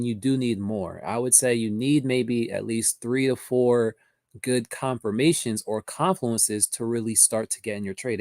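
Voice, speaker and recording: With a medium-pitched, darkish voice, a man hosts a live trading lesson, casually chatting with viewers and reading their chat comments aloud as a livestream educator. The recording is dry and clean, studio-grade.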